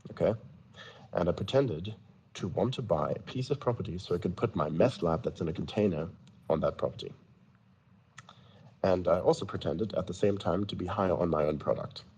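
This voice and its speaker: A man's voice: deep voice, vocal fry, a little mellow, husky. A man casually telling prank-call stories in a rambling, stammering way. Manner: rambling, stammering restarts, chuckling. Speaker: storyteller in a voice chat. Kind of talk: casual storytelling.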